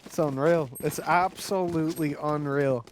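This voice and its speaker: Animated Irish esports caster, fairly high voice. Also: male voice, unhurried, a little hiss or hum. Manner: animated, chatty and joking. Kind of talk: esports color commentary.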